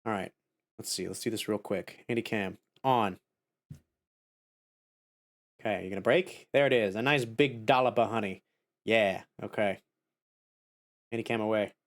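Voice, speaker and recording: A man streaming a game live, chatting casually in a goofy, giggly, excitable way. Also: lowish voice, normal speed, pauses often.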